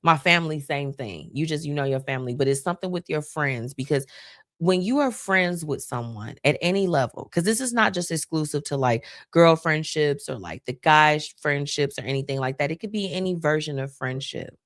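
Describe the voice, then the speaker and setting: A woman's voice: sits low, expressive, fairly quick, dry recording, clean studio sound. A woman hosting a live stream, talking casually and emotionally about her friends. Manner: chatty, heartfelt, emotional. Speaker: host.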